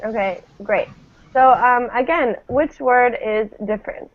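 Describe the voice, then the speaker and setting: A woman's voice: on the high side, measured pace. A woman teaching English pronunciation to a class, patiently modelling each word for students to repeat. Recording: tinny phone-like classroom recording.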